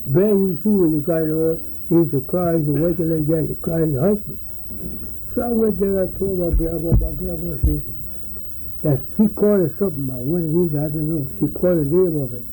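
A man's voice: on the high side, fairly quick, dark tone, slight background noise, low-quality recording. An older man, telling folksy stories in a rambling way for an oral history interview. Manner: rambling, folksy, acts out voices in his stories.

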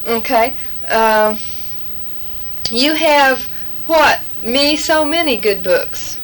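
A woman giving a spoken fill-in-the-blank test, halting with many fillers and saying okay after each answer. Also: high-pitched, lively intonation, fairly bright tone, a little hiss or hum, rough recording. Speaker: language tester. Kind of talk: reading fill-in-the-blank prompts.

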